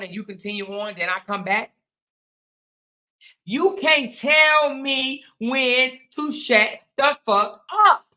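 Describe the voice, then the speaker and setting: Bright-voiced woman ranting sarcastically. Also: on the high side. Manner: sarcastic, repetitive, mocking, emphatic. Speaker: commentary channel host. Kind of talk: ranting commentary monologue.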